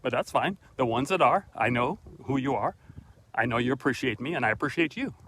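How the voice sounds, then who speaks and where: A middle-aged man, mid-pitched, talking straight into his phone as he walks outdoors. He is earnest and a little preachy, like a mentor giving a pep talk to his followers. There is faint outdoor noise behind him. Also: expressive, brisk, fairly bright tone. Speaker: motivational vlog host. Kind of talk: casual motivational monologue on a walk. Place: outdoors on a walk, then at his front door. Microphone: phone camera held by the speaker.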